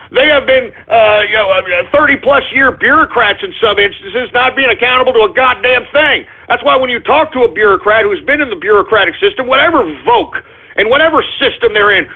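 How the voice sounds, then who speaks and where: A middle-aged man hosting his own call-in radio show, ranting loudly and emphatically, swearing and hurling insults. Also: high-pitched, husky. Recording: tinny phone-line quality.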